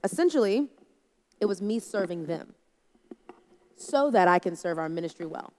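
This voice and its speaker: A woman's voice: lowish voice, lively intonation, normal speed, mellow, slight background noise. Woman giving a talk in an echoing hall. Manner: conversational storytelling, acts out quotes. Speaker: conference speaker. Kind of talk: leadership talk to a live audience. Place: large hall with an audience. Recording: long hall reverb.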